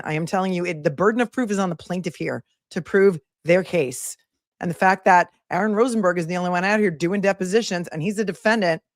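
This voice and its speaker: A woman's voice: fairly low pitch, dry recording, studio quality. A woman attorney giving live legal commentary in an emphatic, sarcastic, scolding way.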